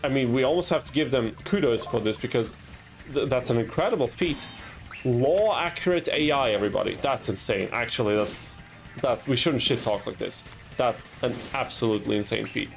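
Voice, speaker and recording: Gravelly-voiced young guy streaming a card game, chatty, faint music behind. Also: mid-range voice, expressive, brisk. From Austria. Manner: chatty, laughs at himself, yelps in frustration. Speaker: gaming streamer. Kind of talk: casual gameplay commentary with chat.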